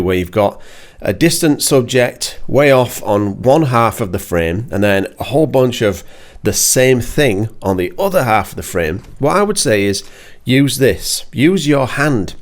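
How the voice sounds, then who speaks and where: A man, giving a casual photo critique with dry, teasing humor. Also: medium pitch.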